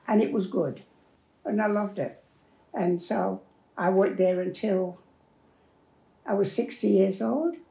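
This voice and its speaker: A woman's voice: mid-range voice, slow, vocal fry, long pauses, dark tone. An older woman, telling her life story in a plain-spoken, rambling way as an interviewee. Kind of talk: personal storytelling. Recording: roomy echo.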